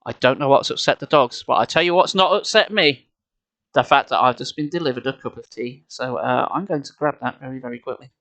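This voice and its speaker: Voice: medium pitch, fairly quick, a bit bright, no echo. A streamer chatting casually and swearing freely with viewers between chapters of a live reading, on a headset. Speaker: streamer reading a book aloud.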